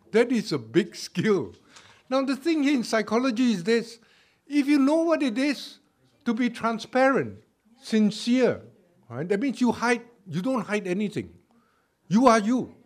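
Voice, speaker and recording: A man preaching a sermon in a conversational way, often asking "all right?" and laughing at himself, swinging between loud emphatic lines and soft trailing asides. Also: high-pitched. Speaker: pastor.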